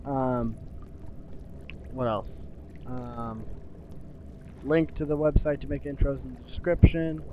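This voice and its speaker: A young man commentating his own game playthrough, excitable and swearing, shouting at the screen. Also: medium pitch, slow, long pauses, muffled recording, slight background noise. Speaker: gaming video host. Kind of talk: let's play commentary.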